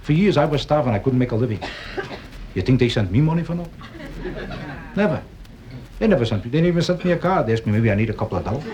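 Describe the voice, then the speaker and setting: A man doing stand-up comedy on a nightclub stage, with a deadpan, kvetching, sing-song delivery. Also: a little high, fast, pauses often, rough recording. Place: nightclub stage before a live audience. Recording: 1962 live album with audience noise.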